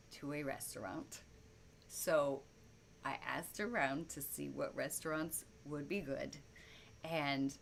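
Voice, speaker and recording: Woman, low voice, casual storytelling vlog, chatty, rambling, lots of um and uh. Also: gravelly, slight background noise. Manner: chatty, rambling, laughs often, many fillers. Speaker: vlogger telling personal stories. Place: indoors at home, lit by light bulbs.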